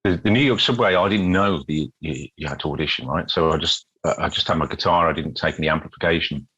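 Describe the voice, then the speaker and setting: British guy, deep husky voice, chatty storyteller, keeps repeating himself. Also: quick pace, dull audio. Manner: animated storyteller, repeats words, acts out quotes. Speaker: guest busker. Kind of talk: casual storytelling interview.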